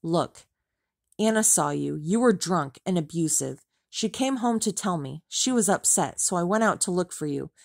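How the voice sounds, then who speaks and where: A woman's voice: on the low side, animated, moderate pace, vocal fry, no echo, clean studio sound. A woman reading an audiobook, voicing an angry, exasperated man who snaps at his ex-wife. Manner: furious, exasperated, snapping.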